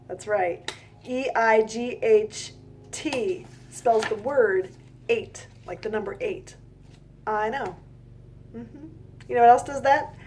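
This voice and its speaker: A young woman teaching a phonics lesson to small children, reading aloud gently and speaking straight to her listeners. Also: fairly high pitch. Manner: gentle, talks directly to young listeners, sings snatches of nursery songs.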